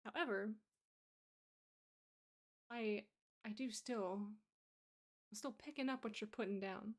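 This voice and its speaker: A woman's voice: mid-range voice, slow pace. A woman streamer chatting casually and rambling as she answers her chat, sleepy and yawning. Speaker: artist streamer.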